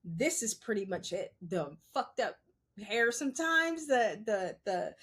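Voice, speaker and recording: A woman's voice: mid-range voice, very animated, unhurried, fairly bright tone, breathy edge. A woman hosting a podcast, talking unscripted to her listeners, blunt and profane, often asking "You understand?". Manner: blunt, profane, emphatic, talks straight to the listener. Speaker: podcast host. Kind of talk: unscripted solo commentary.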